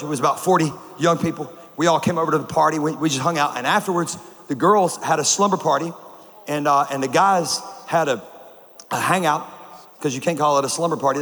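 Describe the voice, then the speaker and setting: A man from North Carolina, a conference speaker, preaching with animated comic stories and laughing at his own jokes on a stage mic. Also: fairly high pitch. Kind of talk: sermon with comic storytelling. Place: large conference hall. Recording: echoey hall, faint noise.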